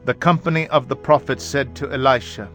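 Man reading scripture over soft music. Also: mid-range voice. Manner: measured, even reading voice. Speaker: Bible reader. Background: faint background music.

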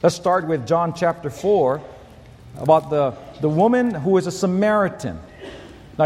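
In a large hall, a pastor with a fairly high voice delivers a sermon to the congregation through storytelling. He acts out the quoted lines and sometimes shouts.

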